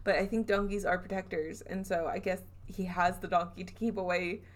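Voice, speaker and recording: Woman podcast host, lower-pitched, chatty storyteller who laughs and trails off a lot. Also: level tone, brisk. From Southern US. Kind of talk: casual storytelling chat.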